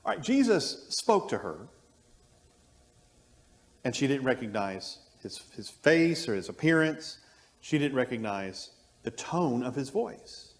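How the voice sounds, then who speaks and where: A man's voice: mid-range voice, sing-song, measured pace, long pauses. A man teaching an adult Bible class, musing aloud and thinking through his points with frequent restarts. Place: church classroom. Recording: long reverb of a church room.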